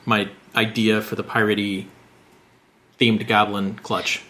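Dude on a game podcast, measured and thoughtful about the rules. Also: male voice, on the low side, flat delivery, bright, forceful tone. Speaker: podcast co-host. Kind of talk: casual podcast chat about tabletop games.

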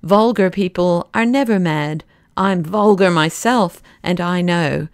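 A woman doing a hearty cheerful doctor man, beaming, audiobook character, smooth voice. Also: fairly low pitch, unhurried, dry recording, studio quality. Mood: jovial. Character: jovial, beaming male doctor.

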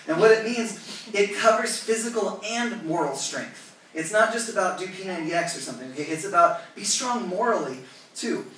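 Male pastor, bright and forceful, chatty lively preaching, recorded from a distance in a roomy church. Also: on the high side, slight background noise. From California. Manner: lively, conversational preaching with asides to the congregation. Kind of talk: sermon. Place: church sanctuary. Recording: echoey church hall, voice from a distance.

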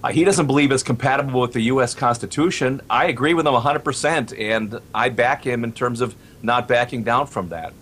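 A man who heads a radio station, speaking as a talk show guest in a measured, deliberate way. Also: medium pitch, a bit bright.

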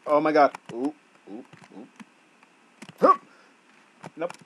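A man doing gameplay commentary as a gaming YouTuber, swinging between yelling at the game and muttering to himself. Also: fairly high pitch, expressive, takes it slowly, a little hiss or hum, poor audio.

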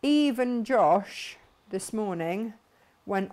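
A woman hosting a craft live stream, chatting brightly and reading out viewer comments with frequent laughs. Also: fairly high pitch, lively intonation, normal speed. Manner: bubbly, chatty, laughs often.

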